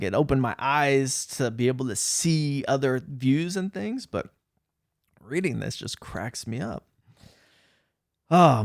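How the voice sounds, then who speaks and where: A man talking casually to camera in a vlog, laughing at himself and telling a story in an animated, self-mocking way. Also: medium pitch, no echo, studio quality. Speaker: vlogger.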